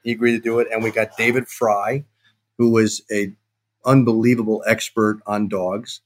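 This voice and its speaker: A middle-aged man, a guest on a podcast, telling a lively anecdote and acting out the dialogue of the people in it. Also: lowish voice, moderate pace. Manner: animated anecdote-telling, acts out quoted dialogue. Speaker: sports television executive, guest. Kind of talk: casual storytelling in a podcast interview.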